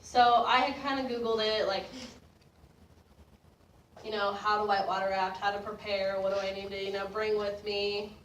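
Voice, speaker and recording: A young woman telling a personal story in a casual, animated way, laughing and getting louder as it builds. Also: medium pitch, moderate pace, long pauses, a little hiss or hum. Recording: roomy distant mic with faint ambience.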